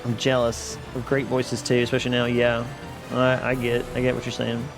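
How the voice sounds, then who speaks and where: His medium-pitched voice is creaky and completely flat, moving at a normal speed. He's live-streaming a game with music underneath, rambling casually to viewers, putting himself down, and laughing a lot.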